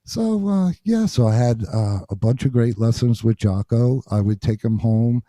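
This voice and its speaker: A man from New Jersey, a bassist and interview guest, telling stories in an animated way and acting out what people said. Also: normal speed, no echo, clean studio sound. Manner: animated storyteller acting out quotes. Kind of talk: storytelling interview.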